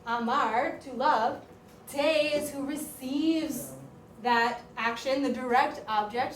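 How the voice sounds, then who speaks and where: A woman teaching a classroom grammar lesson as a high school Spanish teacher, talking in a lively, chatty way with lots of "like". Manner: lively, chatty, uses "like" often. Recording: echoey classroom, voice far from mic, faint room noise.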